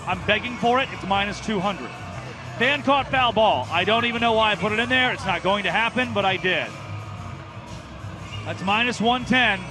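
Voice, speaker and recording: A man calling a live baseball game from the broadcast booth, excitable and jokey, often shouting the big plays. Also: sits high. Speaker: play-by-play announcer.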